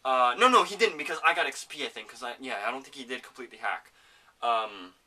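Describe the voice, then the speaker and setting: A man hosting a casual home podcast, rambling excitedly about a video game and swearing often. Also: mid-range voice, brisk, recorded from a distance. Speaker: podcast host. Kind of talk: casual gaming chat.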